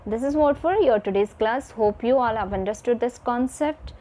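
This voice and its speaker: A woman's voice: on the high side, normal speed, mellow, a little hiss or hum. A woman teacher giving a recorded video lesson to children, repeating each point and checking in with "fine" and "okay".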